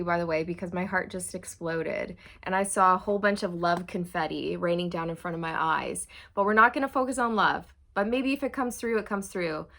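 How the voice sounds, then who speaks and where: Chatty woman giving a tarot reading. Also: medium pitch. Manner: chatty, animated, addresses viewers as "you guys". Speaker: tarot reader. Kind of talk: channeled tarot reading to camera.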